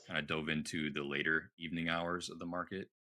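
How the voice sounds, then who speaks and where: A man with a very deep voice hosts a live trading stream, talking through price levels in a loose, conversational way with plenty of fillers. Voices murmur in the background of the livestream audio. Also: little pitch movement, a little fast, a crowd in the background. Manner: conversational, asks co-host questions, many fillers. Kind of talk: casual live market commentary.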